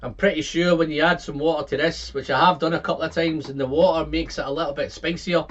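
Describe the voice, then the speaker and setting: A man giving a casual whisky tasting review, excitable and quick to exclaim, reeling off tasting notes and repeating his words. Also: on the high side, lo-fi sound.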